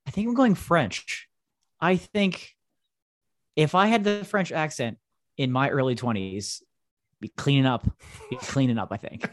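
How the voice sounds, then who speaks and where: A man's voice: medium pitch, fairly bright tone, no echo, studio quality. A man co-hosting a casual podcast, talking playfully and laughing easily. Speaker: podcast co-host. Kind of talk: casual chat.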